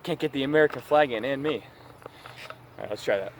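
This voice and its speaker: A man's voice: medium pitch, quick pace, a little hiss or hum. A man talking casually to a camera in an outdoor backyard gym, rambling and self-deprecating about his homemade workout gear. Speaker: home workout vlogger.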